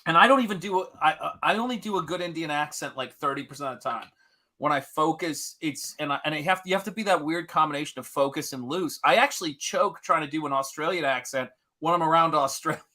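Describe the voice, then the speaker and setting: A man with a somewhat high, bright voice hosts a casual late-night stream. He laughs easily and speeds up as he riffs. His tone stays animated and playful. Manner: animated, laughs easily, quick bursts of talk. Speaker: host.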